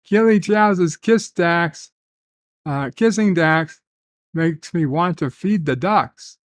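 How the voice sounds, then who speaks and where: A man hosts a casual livestream, reading viewer comments aloud and telling rambling stories full of filler pauses. His voice is fairly high, with no echo.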